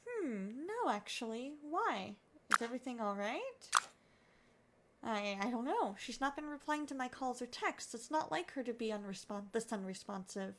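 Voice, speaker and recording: Woman reading as a polite worried guy, earnest, pretty soft. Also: on the high side, expressive, moderate pace, a little hiss or hum. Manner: courteous and earnest. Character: polite, anxious young man. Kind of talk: reading game dialogue aloud.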